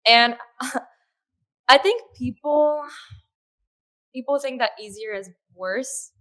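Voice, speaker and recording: Woman, podcast guest; earnest conversational delivery, slightly high voice, soft laughs. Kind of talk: conversational interview.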